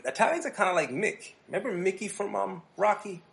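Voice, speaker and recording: A man's voice: sits high, big pitch swings, brisk, vocal fry, fairly bright tone. A man from New Jersey hosting a podcast, telling rambling stories in casual chat and laughing easily. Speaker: podcast host.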